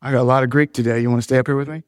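A man's voice: mid-range voice, steady tone, racing, dry recording, studio quality, long reverb tail. A pastor in his forties, preaching a sermon in a church, mixing joking teases with earnest preaching. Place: church sanctuary.

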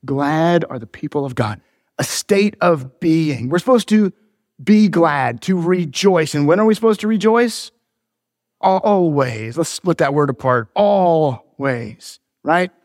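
A man's voice: on the high side, lively intonation, unhurried, a little mellow, no echo, studio quality, big-room sound. A pastor in his forties, preaching a sermon in a church, mixing joking teases with earnest preaching. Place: church sanctuary.

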